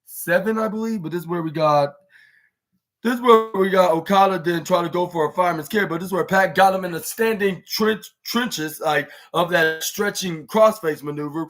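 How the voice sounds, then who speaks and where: A man's voice: fairly high pitch, fairly bright tone. A man hosting a podcast, giving a casual, rambling play-by-play recap with many restarts and fillers. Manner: acts out wrestlers' lines in raised voice. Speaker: podcast host reviewing wrestling.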